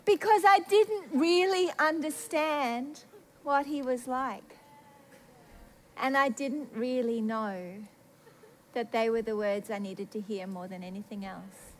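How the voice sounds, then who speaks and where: A woman with a high voice preaches a sermon as if chatting with friends. She is confessional and self-mocking, and drops into hushed asides before rising into excited bursts. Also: slow pace, slight background noise. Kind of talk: sermon with personal stories.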